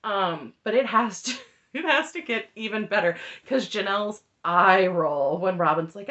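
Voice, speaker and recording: A woman's voice: medium pitch, expressive, a little slow, fairly bright tone, dull audio. A woman giving an opinionated, sarcastic recap of a reality TV show, laughing often as she talks. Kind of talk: opinionated reaction commentary.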